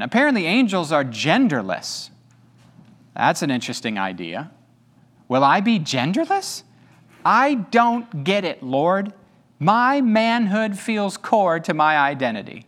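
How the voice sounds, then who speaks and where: A man preaching a sermon as pastor to an audience, animated and conversational, with humorous asides. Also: fairly high pitch, unhurried. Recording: long hall reverb.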